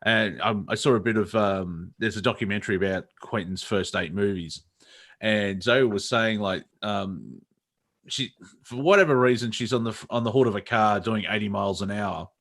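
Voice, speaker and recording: A man's voice: on the low side, moderate pace, fairly bright tone. A middle-aged Australian man co-hosting a casual comedy chat, rambling with many fillers and restarts. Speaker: comedy show co-host.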